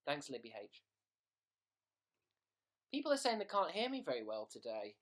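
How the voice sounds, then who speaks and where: A man's voice: a little high, very animated, moderate pace, long pauses, fairly bright tone. A young man casually hosting a livestream, reading viewer messages aloud and thanking them by name. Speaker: livestream host.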